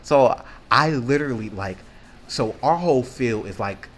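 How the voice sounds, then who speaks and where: A man's voice: mid-range voice, expressive, measured pace. A man telling a loose, profane story in casual rambling style, acting out the quotes with lots of fillers. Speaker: vlogger.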